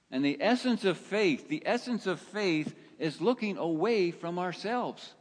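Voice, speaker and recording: Slow-preaching man in a reverberant hall. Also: high voice, lively intonation. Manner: slow, emphatic preaching with rhetorical questions. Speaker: pastor. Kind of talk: sermon.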